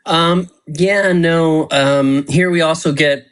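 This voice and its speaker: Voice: medium pitch, steady tone, slow pace, clear, resonant tone. A co-host in a casual review chat who makes wry, joking remarks.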